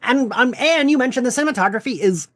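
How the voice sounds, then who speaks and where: A man hosting a podcast in casual chat, animated and laughing often as he acts out quotes. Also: very high voice, fast talker, dry recording, clean studio sound. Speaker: podcast host.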